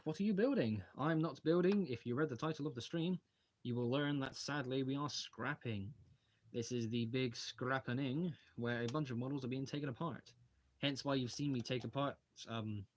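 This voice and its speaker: With a mid-range voice and a little hiss or hum on the audio, a young man rambles through a casual livestream, pulling brick models apart at his home hobby-room desk and reading out questions from viewers.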